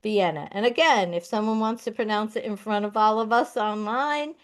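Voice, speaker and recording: A woman hosting a library trivia night, reading out questions and their answers in a deliberate way. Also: mid-range voice. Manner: slow, deliberate, announces each question number. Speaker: trivia quiz host. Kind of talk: reading quiz answers aloud.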